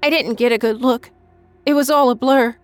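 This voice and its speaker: Woman reading a scared, defensive young runaway, slightly raised pitch. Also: fairly even intonation, moderate pace, soft background music, lightly acted. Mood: shaken. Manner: nervous, defensive. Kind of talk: audiobook narration.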